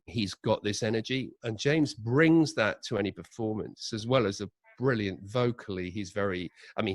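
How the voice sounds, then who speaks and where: A man with a fairly low voice recalls how a cast came together, telling his stories with lively, acted-out quotes. The sound is dry and close, with no room around it. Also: no echo. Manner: animated anecdotes with acted-out quotes. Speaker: audio drama director, interview guest. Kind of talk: conversational interview storytelling.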